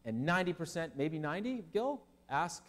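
Animated pastor preaching in an echoing hall. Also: male voice, fairly high pitch, normal speed. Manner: animated preaching, humorous asides to the congregation. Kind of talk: sermon. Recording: long hall reverb.

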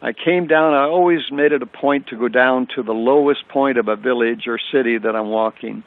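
A man's voice: medium pitch, fairly quick. An older man giving an earnest personal faith testimony as a radio guest, telling his story with repeated phrases. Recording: tinny phone line on radio.

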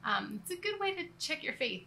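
A woman's voice: high voice, very animated, fairly quick, gravelly, sharp tone, slight background noise. A woman giving a casual, earnest church talk, rambling with restarts and laughing at herself now and then. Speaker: church co-leader. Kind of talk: conversational church teaching.

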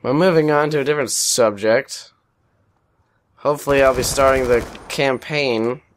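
A man's voice: medium pitch, normal speed, a little hiss or hum. A young man giving casual gameplay commentary over a headset, rambling, self-deprecating and swearing often. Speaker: gaming commentator.

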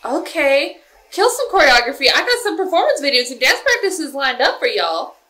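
Animated young woman reacting excitedly. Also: high-pitched, moderate pace, soft background music. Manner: expressive, animated, lots of "like" and "yo". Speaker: K-pop reaction vlogger. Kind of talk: excited casual reaction chat.

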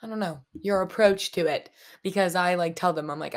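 A young woman in her twenties, co-hosting a casual podcast chat, animated and giggly, acting out what people say. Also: on the low side, brisk. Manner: animated, giggly, acts out quotes. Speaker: podcast co-host.

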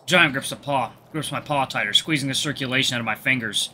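A man hosting a gaming video, reading a visual novel aloud with relaxed, chatty asides. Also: medium pitch, quick pace, hardly any pauses, a little hiss or hum.

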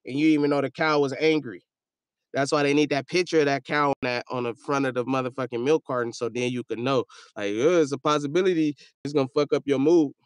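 A man's voice: medium pitch, fairly even intonation, quick pace, smooth, no echo, clean studio sound. A man hosting a casual livestream, reading viewer comments aloud in a loose, joking and profane way, often trailing off into a mumble. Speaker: livestream host.

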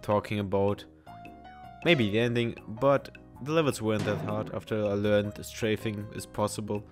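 A man's voice: lowish voice, fairly even intonation, normal speed, over music. A man giving jokey, self-mocking commentary while playing a video game. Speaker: gaming YouTuber. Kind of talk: let's-play commentary.

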